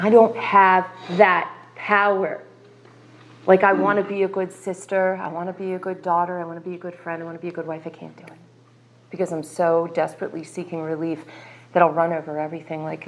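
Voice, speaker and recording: A woman's voice: lowish voice, a little hiss or hum. A woman in her thirties from the US sharing an earnest, confessional personal testimony at a recovery meeting, emphatic and full of asides like "like" and "right".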